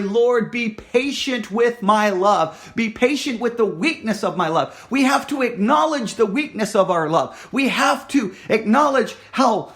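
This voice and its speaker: Man, high-pitched voice, sermon, dramatic rises and hushed drops, repeats himself. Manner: dramatic, drops to near-whisper for emphasis, then rises; repeats words and restarts. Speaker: preacher.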